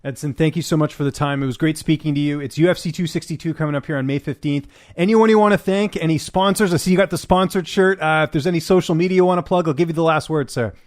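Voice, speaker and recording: A man interviewing a fighter, asking quick friendly questions. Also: fairly high pitch.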